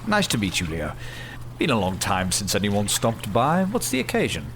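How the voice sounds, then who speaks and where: A man's voice: lowish voice, huge pitch swings, normal speed, a bit bright, a little hiss or hum, heavily acted. An actor playing a cheerful, chatty man chained underwater in hell, speaking nonchalantly in an audio drama. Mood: chirpy.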